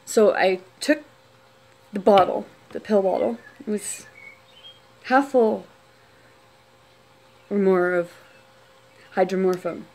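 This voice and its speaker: A woman telling a personal story on camera, unscripted, talking quietly with many restarts and trailing phrases. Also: mid-range voice, slow pace, pauses often.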